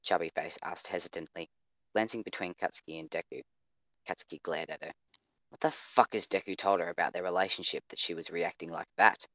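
A man narrating an audio drama in a measured, steady storytelling manner. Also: low voice, dry recording. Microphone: home microphone over voice chat.

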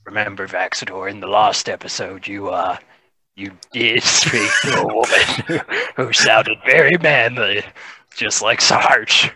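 A man playing in a tabletop game, measured, reasoning through the rules. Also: on the low side, steady tone, pushed and bright, breathy edge. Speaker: player. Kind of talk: casual tabletop play.

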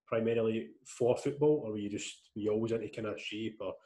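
Fast-talking male interviewer. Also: on the low side, mellow. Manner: rambling, chatty questions with fillers. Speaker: podcast host, interviewer. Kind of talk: casual interview chat.

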